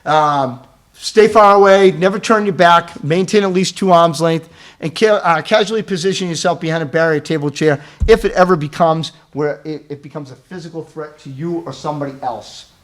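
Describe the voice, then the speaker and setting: A man's voice: on the high side, moderate pace. A man giving a live training talk on crisis intervention, asking the audience questions and tagging his points with "right?".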